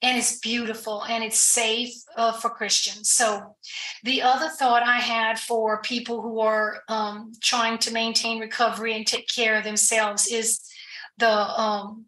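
A woman's voice: a little high, flat delivery, measured pace, bright, forceful tone, reverberant, poor audio. A woman guest on a podcast interview, explaining earnestly in a conversational way, with fillers and restarts. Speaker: guest addiction recovery professional.

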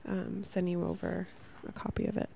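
Young woman, podcast host, rambling heartfelt chat, gravelly fry, warm mellow tone. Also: on the low side, flat delivery, normal speed. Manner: rambling, heartfelt, says "like" a lot. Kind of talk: casual spiritual podcast monologue.

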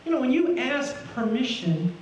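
Folksy high-voiced preacher in a roomy church. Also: male voice, big pitch swings, normal speed, darkish tone, a little hiss or hum. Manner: folksy, asks the congregation many questions. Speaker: guest pastor. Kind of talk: sermon. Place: church sanctuary. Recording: roomy, from a distance.

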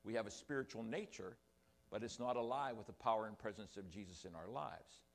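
A man's voice: fairly low pitch, a little fast. Older male pastor, rambling sermon. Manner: rambling, self-deprecating asides. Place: church sanctuary.

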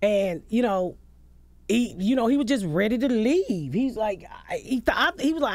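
A woman's voice: a little high, moderate pace, no room sound. Blunt, profane woman comedian. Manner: blunt, profane, animated storytelling. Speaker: comedian guest. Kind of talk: candid radio interview storytelling. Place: radio studio. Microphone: studio mic.

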